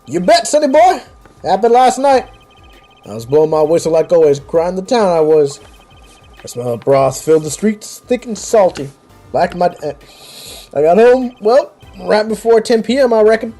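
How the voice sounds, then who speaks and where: A let's-play gamer voicing an excitable old male noodle vendor who talks in a folksy, melodramatic way. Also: medium pitch, moderate pace, soft background music, voice pushed up. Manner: folksy, says "sonny boy", melodramatic wailing.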